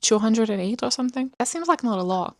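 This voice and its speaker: A woman's voice: on the high side, expressive, quick pace, no room sound, clean studio sound. A woman vlogger talking casually about books, chatty and rambling with lots of fillers. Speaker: book vlogger. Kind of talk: casual chat.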